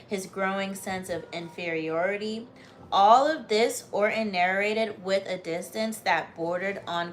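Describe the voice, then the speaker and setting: An American woman hosting a livestream, reading a book aloud with steady emphasis and breaking into bubbly, chatty asides to her viewers. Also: mid-range voice, slight background noise. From United States. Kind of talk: reading aloud to live viewers, with casual chat.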